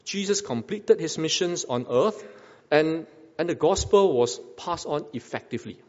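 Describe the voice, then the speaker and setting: A man's voice: on the high side, expressive, moderate pace, a little mellow, big-room sound, dull audio. A man preaching a sermon, asking rhetorical questions and repeating phrases for emphasis. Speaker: pastor.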